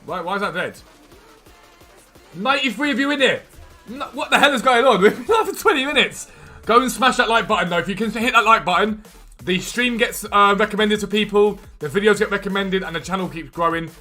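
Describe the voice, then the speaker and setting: A man hosting a live game stream, chatting casually and quickly answering viewers' questions from chat. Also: sits high, pushed and bright, soft background music.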